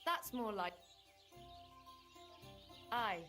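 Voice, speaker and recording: A woman's voice: on the high side, big pitch swings, drawn-out words, bright, forceful tone, faint music behind, full character voice. An actress voicing a blunt, curt older village woman who plays dice in a video game.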